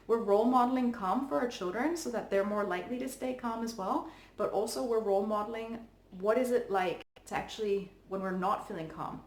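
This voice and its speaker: A woman giving parenting advice in a calm, earnest, chatty way, with frequent fillers. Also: mid-range voice. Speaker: parenting coach. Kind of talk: casual advice talk to camera. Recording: echoey room with faint background noise.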